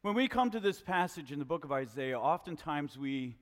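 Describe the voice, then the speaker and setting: A man preaching a sermon to his congregation, questioning them in an animated way. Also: fairly high pitch, moderate pace, long reverb tail. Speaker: pastor. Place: church hall with a congregation.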